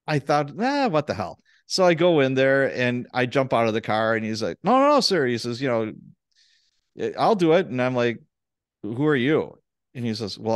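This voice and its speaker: A man's voice: medium pitch, no room sound, clean studio sound. A man hosting a podcast, telling rambling anecdotes in a casual way before asking his guest questions. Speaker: podcast host.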